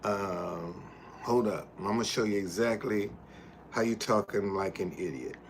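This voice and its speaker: A man's voice: lowish voice, a little slow, slight background noise. Heated man scolding a chat. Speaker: livestream host. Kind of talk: casual livestream talk.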